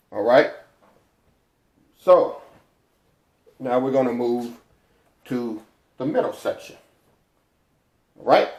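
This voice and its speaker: A man's voice: mid-range voice, darkish tone, muffled recording. A man giving a classroom lesson at a board, explaining step by step and often checking in with "all right?". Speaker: teacher.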